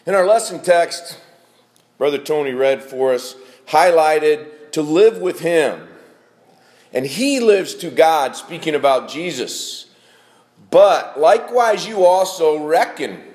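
Male preacher, middle-aged, folksy sermon delivery, animated rise and fall, slightly high voice, echoey church room. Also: slow. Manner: folksy, addresses congregation by name.

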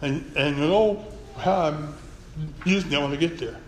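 Guy preaching, high voice, folksy and earnest, big echoey church sound. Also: moderate pace. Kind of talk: sermon. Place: church sanctuary. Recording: echoey church hall, faint room noise.

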